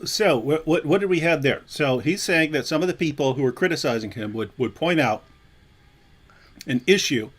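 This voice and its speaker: A man hosting a livestream, calmly reasoning through points in a conversational way. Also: fairly high pitch, moderate pace. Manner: reasoned, conversational, explains with examples. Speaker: livestream host. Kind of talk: casual commentary.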